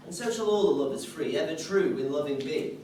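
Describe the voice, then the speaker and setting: An actor playing the commanding fairy king, chanting a measured verse blessing on a live stage. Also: medium pitch, expressive, darkish tone, close to an everyday voice. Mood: solemn. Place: theatre stage, audience filming. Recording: echoey hall, mic far off, noisy.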